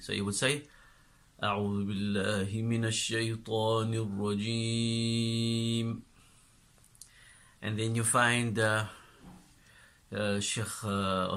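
Bright-voiced man teaching, hesitant. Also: on the low side. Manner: hesitant explaining, with frequent pauses and fillers. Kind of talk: explanatory lesson.

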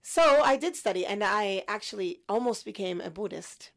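A woman in her fifties, a guest in an interview, telling a personal story in a lively way and acting out her younger self. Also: mid-range voice, normal speed, gravelly. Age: 50s. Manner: animated storyteller, acts out her past self.

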